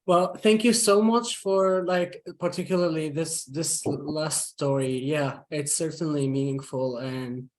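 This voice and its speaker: A man moderating a webinar panel, polite and halting as he thanks a speaker and moves on. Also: fairly high pitch, darkish tone.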